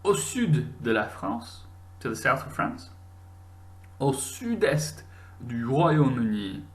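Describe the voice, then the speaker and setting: A man's voice: mid-range voice, very animated, slow pace. A man teaching a recorded lesson, patient and encouraging, with many fillers and restarts.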